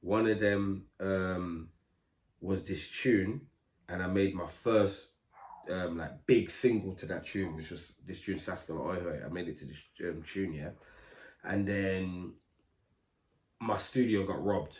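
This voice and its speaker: Man, lively storyteller, slang, echoey room. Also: deep voice, slow. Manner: animated storyteller, acts out voices, street slang. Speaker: guest, grime MC. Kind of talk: casual storytelling interview. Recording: roomy echo.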